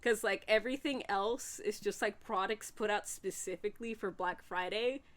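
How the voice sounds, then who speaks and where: A woman's voice: medium pitch, moderate pace. A young woman co-hosting a podcast, chatting loosely with lots of "like" and frequent laughs. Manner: loose, filler-heavy talk with "like", laughs often. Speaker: podcast co-host. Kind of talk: casual podcast chat.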